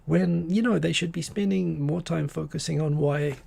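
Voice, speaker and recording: A man's voice: on the high side, normal speed, gravelly, a little mellow, slight background noise. A man hosting a live stream, chatting casually and rambling as he greets viewers by name. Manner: rambling, reads viewer names aloud.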